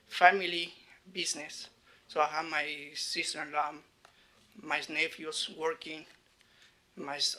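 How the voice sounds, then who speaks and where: A business owner speaks during public comment at a city council meeting, recorded in the council chamber. His voice is fairly high, flat and bright, and he sounds hesitant, with broken phrasing and a lot of "you know."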